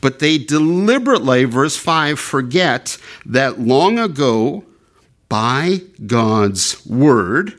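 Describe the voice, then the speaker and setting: Male preacher, mid-pitched, explanatory, digressive teaching sermon. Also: big pitch swings, slow pace, fairly bright tone. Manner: explanatory, digressive, frequent fillers and restarts. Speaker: pastor. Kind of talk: expository sermon.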